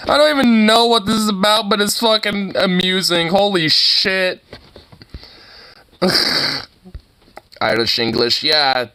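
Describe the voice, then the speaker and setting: A man's voice: high-pitched, slow, long pauses, bright, forceful tone, clear, resonant tone. A young man casually reacting to videos, rambling, laughing and swearing freely as he watches.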